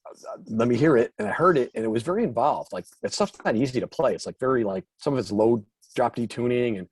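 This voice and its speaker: Male guest musician, husky, self-deprecating storyteller in a dry recording. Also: mid-range voice, lively intonation, fast, no echo. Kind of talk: casual interview chat.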